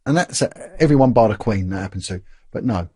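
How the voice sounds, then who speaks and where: Husky low man, dry and close. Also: brisk, no echo. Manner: animated, acts out quoted dialogue, repeats and restarts words. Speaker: interview guest, former police officer. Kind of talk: candid conversational storytelling.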